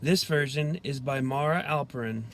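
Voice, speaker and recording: A man, a police trooper, reading a children's story aloud in a gentle, expressive storytelling way. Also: medium pitch, normal speed, a little hiss or hum.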